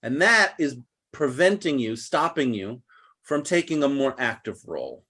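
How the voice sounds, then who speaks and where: A man teaching an online English class over a video call, explaining slowly and patiently. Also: medium pitch, very animated, sharp tone, slightly rough. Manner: patient, slow, deliberate explaining.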